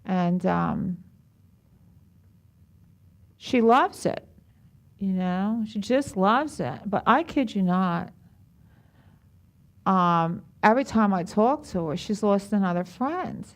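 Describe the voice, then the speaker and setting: A woman's voice: medium pitch, expressive, slow pace, long pauses. A middle-aged woman teaching a group in an everyday, mid-range voice. She talks in a chatty, affectionate way and keeps asking her class questions. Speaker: stress management group leader. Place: group room at a care center.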